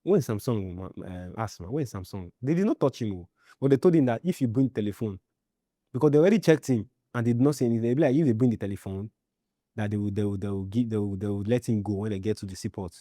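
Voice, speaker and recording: A Nigerian man telling his own story in a halting way, often repeating himself and checking "you understand?". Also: fairly low pitch, dark tone, dry recording, studio quality. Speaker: interviewee. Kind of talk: personal storytelling.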